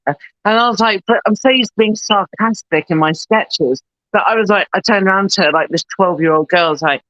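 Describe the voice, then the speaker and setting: A woman's voice: fairly low pitch, fairly bright tone, no echo. Chatty woman with a dry, dull mic. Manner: chatty storyteller, swears, acts out quotes. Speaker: podcast guest, actor. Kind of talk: casual chat.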